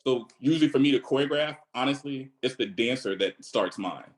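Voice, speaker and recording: A man's voice: mid-range voice, expressive, a little fast, low-quality recording. A man with a Virginia accent, a choreographer on an online panel, talking earnestly on a video call and thinking aloud. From Virginia, USA.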